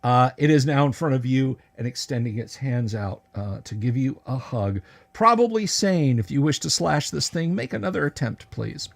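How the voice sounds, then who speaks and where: A man narrating as game master of a tabletop game on an online stream, casual and halting with many filler words. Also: medium pitch, lively intonation, creaky. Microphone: video call.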